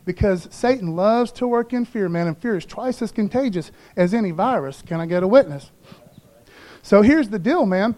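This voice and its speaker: A man's voice: high voice, animated, normal speed, warm tone. A man pastor preaching a conversational sermon in slangy everyday talk, calling for responses from the congregation.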